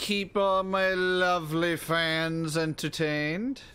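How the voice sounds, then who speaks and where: A man's voice: fairly high pitch, steady tone, takes it slowly, sharp tone, a little hiss or hum. A man streaming a video game live, chatting casually with viewers and reacting to the game as he plays. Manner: chatty, answers viewers while playing. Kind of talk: casual gaming commentary.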